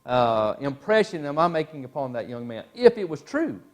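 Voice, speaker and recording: Guy teaching bible class at church, folksy storyteller, bit high voice, lots of uhs. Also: normal speed. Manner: folksy, animated storytelling with many fillers.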